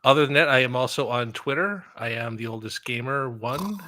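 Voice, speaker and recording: Older male guest, mid-pitched, easygoing dry humour. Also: animated, brisk, bright, forceful tone, a little hiss or hum. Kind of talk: casual chat.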